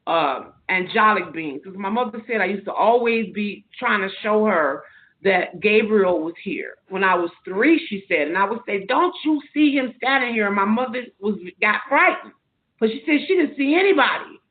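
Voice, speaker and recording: A woman's voice: mid-range voice, expressive, moderate pace. Woman telling a story over a tinny line. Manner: earnest, spiritual, talks in long loose anecdotes. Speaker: podcast guest. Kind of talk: personal storytelling in an interview. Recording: narrow phone-like sound.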